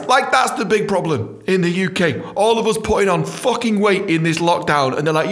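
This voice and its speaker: A man's voice: high-pitched, a little fast, hardly any pauses. A man hosting a podcast, delivering a profane, mocking comedic rant. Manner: profane, ranting; animated, mocking. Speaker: podcast host. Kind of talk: comedic monologue.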